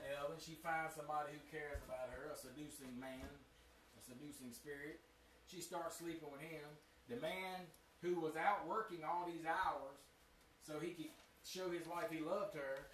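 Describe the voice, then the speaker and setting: A man's voice: fairly high pitch, a bit bright, a little hiss or hum. A man giving a conversational Sabbath sermon in a meeting room, talking in a folksy way and putting direct questions to his small congregation. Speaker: Sabbath teacher. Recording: roomy sound, mic at a distance.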